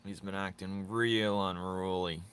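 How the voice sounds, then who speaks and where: A man's voice: low-pitched, fairly even intonation, measured pace, fairly bright tone, a little hiss or hum. A man chatting casually with his viewers while drawing on a live stream, teasing and joking, laughing often.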